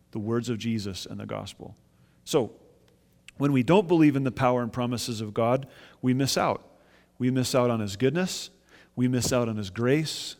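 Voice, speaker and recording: Earnest male pastor preaching in a reverberant hall. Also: medium pitch. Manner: earnest, asks the congregation questions. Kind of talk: sermon.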